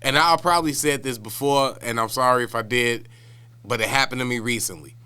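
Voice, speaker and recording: Bright, smooth-voiced laid-back man. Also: mid-range voice, a little fast. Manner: laid-back, detailed storytelling, laughs often. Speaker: podcast co-host. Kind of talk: casual chat. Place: Wisconsin.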